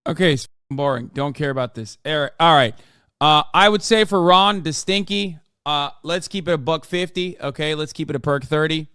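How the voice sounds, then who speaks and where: A man's voice: a little high, normal speed, sharp tone, clear, resonant tone, dry recording, clean studio sound. A man in his thirties streaming casual, profane commentary on a political debate, sarcastic and mocking. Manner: sarcastic, swears a lot, mocks in put-on voices.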